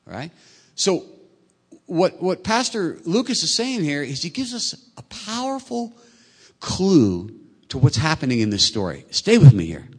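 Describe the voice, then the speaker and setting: A man's voice: fairly high pitch, big pitch swings, a little slow, breathy edge. A man preaching a sermon as a pastor in a conversational way, often asking his listeners rhetorical questions. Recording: echoey hall.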